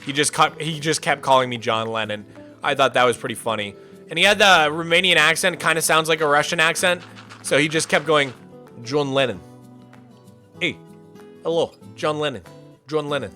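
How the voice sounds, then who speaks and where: A young man from the States chats loosely on stream, piling up "like"s and restarts as he reads viewer messages aloud. His voice sits a little high and sounds bright, with faint music underneath. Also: brisk. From United States. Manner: rambling, filler-heavy, often says "like". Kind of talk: casual chat, reading out chat messages.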